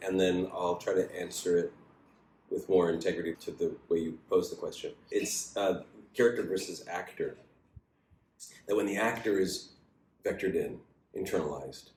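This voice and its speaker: A man teaching an acting class in a casual, animated way, swearing freely and acting out the lines he quotes. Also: reverberant. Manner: animated, profane, acts out quoted lines with big pitch jumps.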